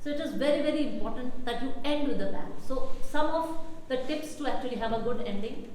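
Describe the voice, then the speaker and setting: High-voiced woman teaching in an echoey hall. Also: slight background noise. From India. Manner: questions the audience, lively teaching delivery. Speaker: workshop presenter. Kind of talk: public speaking workshop talk. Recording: echoey hall with faint ambience.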